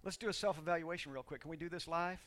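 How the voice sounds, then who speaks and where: A male pastor with a fairly high pitch and fast delivery preaches a sermon. He moves from quiet scripture reading to loud, shouted exhortation and leads the congregation in call-and-response.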